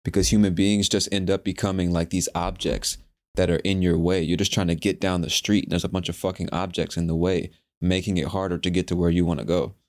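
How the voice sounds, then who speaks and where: Deep-voiced man, profane casual podcast talk. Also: brisk. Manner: profane, animated, slangy storytelling. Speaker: podcast host. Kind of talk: casual solo podcast monologue.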